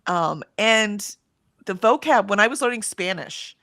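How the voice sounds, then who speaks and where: A woman's voice: medium pitch, lively intonation, a little slow, fairly bright tone, dry recording. An American woman with a general, accentless American voice, chatting casually on a livestream, reading out chat comments with frequent ums. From United States. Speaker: livestream co-host.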